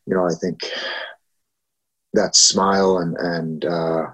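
Man, podcast co-host, casual chat, halting and relaxed, repeats words, low husky voice. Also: lo-fi sound.

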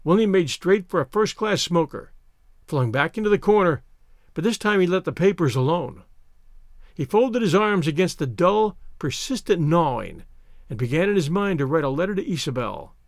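A man's voice: on the high side, expressive, moderate pace, no room sound, clean studio sound. A man reading a short story aloud as narrator, shifting his voice up for the characters' lines.

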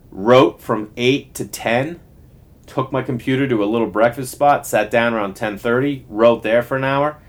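A man in his thirties hosting a podcast, telling a long casual story, rambling and animated with lots of fillers and restarts. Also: medium pitch. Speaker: podcast host.

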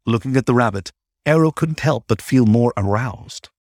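A man narrating a scripted story at a calm, even storytelling pace. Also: mid-range voice, normal speed, no room sound, studio quality.

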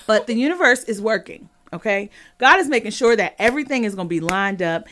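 A young woman from California hosting a casual podcast chat, sassy and animated, laughing often and swinging between loud claims and low asides. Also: a little fast, slight background noise. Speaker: podcast host.

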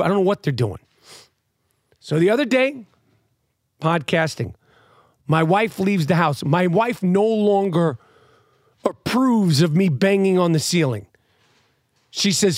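A middle-aged man ranting loudly and profanely, switching between yelling and muttering, like a comedian talking straight to camera. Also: high-pitched, a little slow, pauses often, dry recording, clean studio sound. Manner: animated, loud, profane, swings between shouting and muttering. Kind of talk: profane comic rant.

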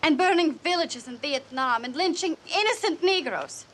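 A woman's voice: high-pitched, expressive, moderate pace, fairly bright tone. An actress playing a defiant young Soviet woman, speaking with biting scorn in a film clip. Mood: scornful. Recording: film clip with faint background noise.

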